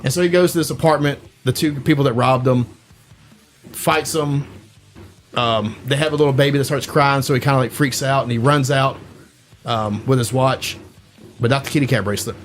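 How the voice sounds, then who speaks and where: A man's voice: mid-range voice, fairly even intonation, normal speed, faint music behind. A man co-hosting a podcast, casually retelling a movie plot in a rambling way, full of "like" and "you know.". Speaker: podcast co-host.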